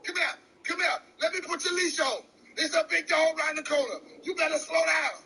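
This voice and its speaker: A man vlogging in a loud, scolding, comedic way, out of breath. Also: extremely high pitch, a little fast, rough recording. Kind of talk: casual vlog narration.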